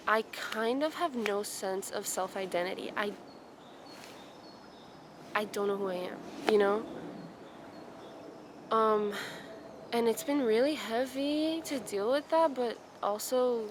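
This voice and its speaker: A young woman vlogging outdoors in a forest, talking in a soft, reflective, rambling way with many ums and self-corrections. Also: on the high side, slow pace, long pauses, background noise. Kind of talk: casual vlog chat.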